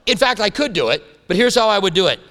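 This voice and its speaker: A man's voice: high voice, sing-song, fast, fairly bright tone. A man preaching a sermon as a pastor, telling stories with humorous asides. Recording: long hall reverb.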